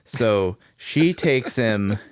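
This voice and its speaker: A man co-hosting a podcast, calmly explaining a film's plot in casual chat. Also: on the low side, extremely slow, smooth, dry recording, clean studio sound. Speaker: podcast co-host. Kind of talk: casual movie recap chat.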